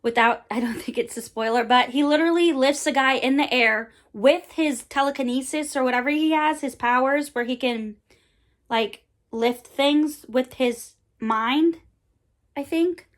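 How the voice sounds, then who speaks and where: A woman's voice: sits high, unhurried. A woman in her twenties chatting casually about books she loves, rambling a little, with fillers and playful slang. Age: 20s. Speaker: book vlogger. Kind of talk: casual book recommendation chat.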